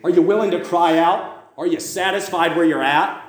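A man's voice: on the high side, normal speed. Fervent preacher man in an echoey room. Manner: fervent, rising to loud cries; questions the listeners over and over. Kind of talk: sermon.

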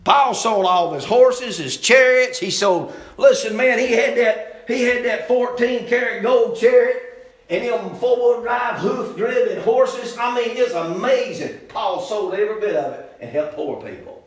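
A man preaching a sermon in a folksy, animated way that swings from loud bursts to low asides. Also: a little slow, reverberant.

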